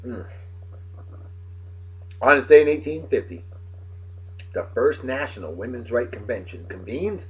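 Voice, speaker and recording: A man's voice: medium pitch, expressive, a little slow, long pauses, fairly bright tone. A man with a Massachusetts accent hosting a casual beer video, reading this-day-in-history facts with profane, wisecracking asides. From Martha's Vineyard, Massachusetts. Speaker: host of a daily beer video. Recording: dull lo-fi recording.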